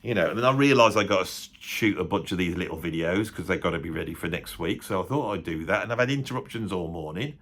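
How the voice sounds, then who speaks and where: A man's voice: low voice, lively intonation, fast talker, few pauses, fairly bright tone. A middle-aged man with a West Midlands accent, rambling self-deprecatingly to camera as a music-critic YouTuber, full of tag questions. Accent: West Midlands English. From West Midlands, England. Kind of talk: rambling casual monologue to camera.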